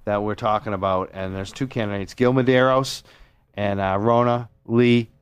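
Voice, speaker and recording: A man hosting a radio talk show, chatting loosely and excitably with a slight lisp. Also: on the low side, normal speed, clear, resonant tone, no echo. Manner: loose, excitable and self-deprecating. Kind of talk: casual radio chat. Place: radio studio. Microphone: studio microphone.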